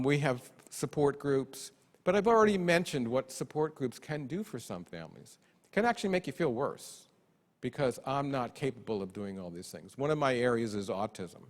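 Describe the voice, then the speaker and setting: A man giving a conference talk with lively, self-deprecating humor, acting out parents' voices. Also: medium pitch. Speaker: conference speaker. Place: large conference hall. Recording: long hall reverb.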